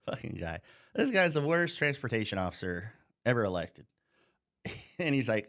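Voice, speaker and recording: A middle-aged man with an American accent delivers a heated, profane rant straight to camera. He mocks as he goes, his pitch leaping up and dropping down, and he coughs now and then. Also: sing-song, normal speed, pauses often, fairly bright tone. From United States. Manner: heated, swearing constantly, mocking. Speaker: vlogger.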